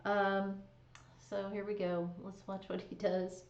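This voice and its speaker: A woman's voice: mid-range voice, little pitch movement, slow pace. Chatty woman recapping a show on stream, roomy echo, kinda dull lo-fi sound. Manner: chatty, with fillers and laughs. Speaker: stream host recapping a drama. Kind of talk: casual recap chat. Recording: echoey, dull lo-fi stream audio.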